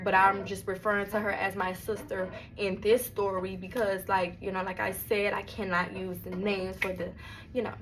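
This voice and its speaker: A young woman tells a storytime straight to camera. Her voice is bright and forward, her delivery blunt and emphatic, with a steady middle pitch. A faint hiss sits under the recording. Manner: blunt and emphatic, heavy swearing. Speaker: vlogger. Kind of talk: storytime vlog.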